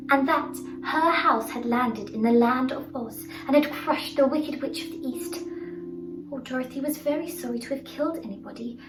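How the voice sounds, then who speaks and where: A woman telling a children's storybook tale with a high voice and an expressive, sing-song delivery full of exclamations. She sounds set back from the mic in an echoing room, with faint music underneath. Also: far from the mic.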